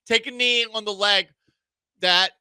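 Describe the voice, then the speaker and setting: A man hosting sports talk radio from a studio, joking and animated, restarting his sentences often. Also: high-pitched, measured pace, clear, resonant tone, no echo.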